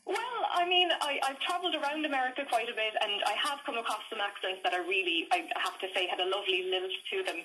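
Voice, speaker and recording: A woman with an Irish accent, a storyteller chatting as a guest over a phone line on a radio interview, talkative and quick to laugh. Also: medium pitch, sharp tone. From Ireland.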